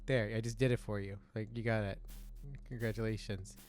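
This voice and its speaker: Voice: mid-range voice, little pitch movement, a little fast, a little mellow. Rambling, hesitant let's play host. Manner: rambling, hesitant, swears casually. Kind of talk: casual gameplay commentary.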